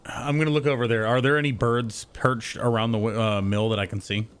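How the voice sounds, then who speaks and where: Man, tabletop player, hesitant, rambling, mid pitch. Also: fairly even intonation, fairly quick, clear, resonant tone. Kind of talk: casual tabletop game chat.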